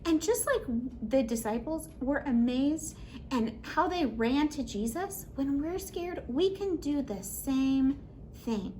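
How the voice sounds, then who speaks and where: Animated high-voiced woman telling a toddler Bible story. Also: takes it slowly, slight background noise. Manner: animated, sing-song, playful sound effects. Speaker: children's ministry teacher.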